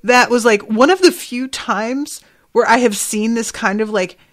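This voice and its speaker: A woman's voice: a little high, a little slow, fairly bright tone. A woman hosting a podcast, recapping an episode in a chatty way with laughing asides and frequent fillers. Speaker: podcast host.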